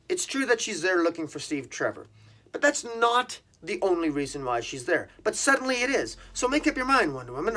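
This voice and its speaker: Male comic reviewer, slightly high voice, critical and exasperated, plenty of ums and false starts, faint music underneath. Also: a bit bright. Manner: critical, exasperated, many fillers and restarts. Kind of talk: casual video review.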